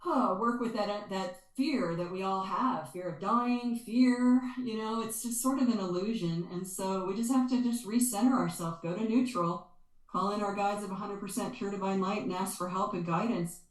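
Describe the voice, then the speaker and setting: In an interview, a woman who works as a spiritual energy healer speaks earnestly and expressively, explaining things and telling stories while repeating words for emphasis. Her voice sits at medium pitch and moves at a moderate pace. The room she's recorded in is echoey.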